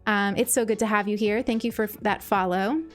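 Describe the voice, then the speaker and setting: A woman's voice: medium pitch, steady tone, fairly quick, faint music behind. A woman streamer chatting casually to her viewers, gushing and grateful, with many ums and restarts. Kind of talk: casual live-stream chat.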